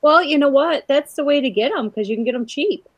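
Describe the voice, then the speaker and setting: A woman's voice: high voice, expressive, brisk, lo-fi sound. A woman hosting a video call chat, teasing her guests and laughing often. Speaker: host. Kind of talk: casual chat. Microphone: computer mic on a video call.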